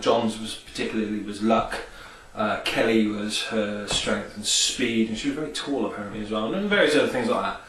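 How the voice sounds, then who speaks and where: Rambling with plenty of fillers, a male vlogger with a lowish, slightly bright voice enthuses about his favourite film scenes in a casual film and game review. The mic is distant, picking him up off-mic in an echoey room with a faint hiss.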